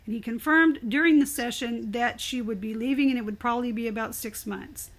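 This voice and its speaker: An older woman speaks as an interview guest, her voice pitched high. She tells her story with animated, expressive energy, in a casual conversational way. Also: fairly quick, a little hiss or hum.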